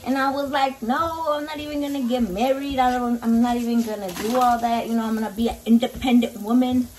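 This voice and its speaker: A woman's voice: on the high side, steady tone, fairly quick, darkish tone. A Mexican-American woman in her thirties who mixes in Spanish, chatting and rambling in a foul-mouthed way while she cooks in her home kitchen. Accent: Mexican-American, mixing in Spanish. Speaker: cooking vlogger. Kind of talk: casual cooking vlog chat. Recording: slightly distant mic, faint background noise.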